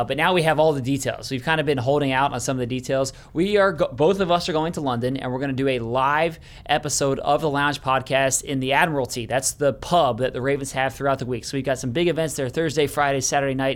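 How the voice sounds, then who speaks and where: A man's voice: medium pitch, fairly bright tone. A man co-hosting a podcast, chatting casually and upbeat, laughing often. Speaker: podcast co-host.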